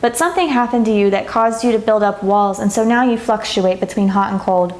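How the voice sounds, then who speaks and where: A woman's voice: mid-range voice, brisk, roomy sound. Emotional woman giving a tarot reading. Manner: soft, emotional, gets teary and laughs. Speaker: tarot reader. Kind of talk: pick-a-card tarot reading to camera.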